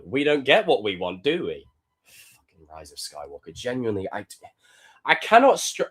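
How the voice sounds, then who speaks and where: Young man, live-stream commentary, swings up and down in pitch, curses a lot, loud bursts, mid-pitched voice. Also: husky. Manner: animated, profane, loud outbursts. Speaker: streamer reacting to film clips.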